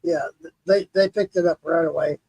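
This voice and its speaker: A man's voice: on the high side, steady tone, brisk, creaky, a little mellow, breathy edge, no echo, rough recording. A man hosting a casual livestream chat, laid-back and joking, cursing freely. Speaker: livestream host.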